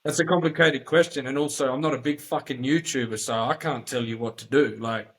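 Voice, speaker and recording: A man's voice: mid-range voice, a little fast, rough recording. An Australian man hosting a podcast in casual chat, talking bluntly and emphatically with lots of swearing. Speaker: podcast host.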